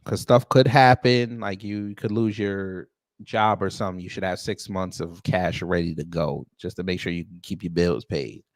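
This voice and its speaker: A man's voice: deep voice, fairly even intonation, moderate pace, no echo, clean studio sound. A man hosting a casual reaction commentary, talking bluntly with exclamations and repeated phrases. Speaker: host commenting on a court hearing.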